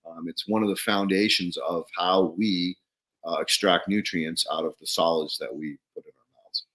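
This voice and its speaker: A man with a lowish voice hosts a podcast in loose, casual chat. He rambles through his stories with frequent restarts and drops a swear word here and there. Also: fairly even intonation, normal speed, fairly bright tone. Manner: rambling storyteller, swears freely. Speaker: podcast host.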